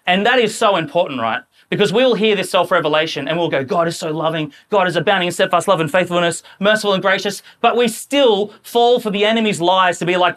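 A man preaching a sermon in a church, talking in a lively, conversational way and acting out quoted voices. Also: high voice, a little fast.

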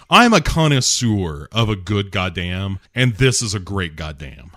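Animated joking man, lively voice. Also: fairly low pitch, unhurried, few pauses, dry recording, studio quality. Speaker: podcast co-host. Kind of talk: casual movie commentary chat.

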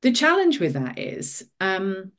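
A woman, a guest author, giving career advice in a casual interview, lively and full of ums. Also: mid-range voice, takes it slowly.

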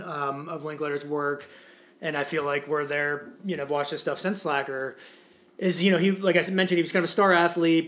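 A man in his forties talks loosely about films as a podcast co-host, circling back with filler words and restarts. His voice sits a little higher than most men's. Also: fairly bright tone. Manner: rambling, many fillers and restarts. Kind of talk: casual chat.

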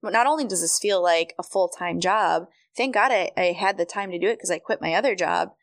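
A young woman with a fairly low voice tells her own story as a podcast guest, chatty and animated, acting out what people said to her. The recording is dry and close, with no room sound. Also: brisk, dry recording. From Michigan, USA. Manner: chatty, animated, acts out quoted dialogue. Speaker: podcast guest, running coach. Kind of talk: casual storytelling interview.

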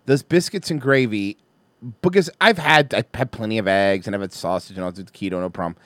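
A man's voice: fairly low pitch, a little fast, a bit bright, no echo. A man hosting a stream, chatting casually and making crude, joking remarks. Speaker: stream host. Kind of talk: casual chat.

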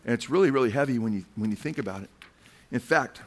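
A man's voice: medium pitch, expressive, fast talker. A male preacher giving a fervent sermon. He keeps calling his listeners "man" and puts questions to the crowd.

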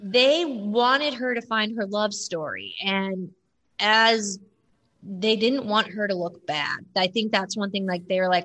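A woman co-hosting a casual chat, animated and talking in quick bursts with many restarts. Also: mid-range voice. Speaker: podcast co-host. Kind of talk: casual chat about reality TV.

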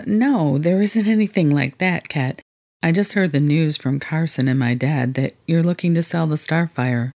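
A man's voice: a little high, a little mellow. Woman reading as a rugged young man, hesitant.

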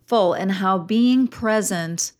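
A woman hosting a conversational interview, who thinks out loud and sums up her guest's ideas. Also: medium pitch, slow pace. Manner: reflective, affirming listener who sums up ideas. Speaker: podcast host.

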